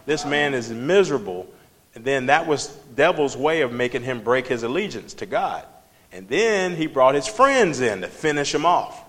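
Male Bible study teacher, emphatic and conversational, quizzing the class, with a long hall echo. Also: medium pitch. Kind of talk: preaching Bible study lesson.

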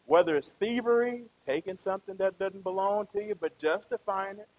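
A man's voice: high voice, a little fast, few pauses, darkish tone, rough recording. A man preaching a conversational sermon, often asking the congregation questions and tagging them with "right?".

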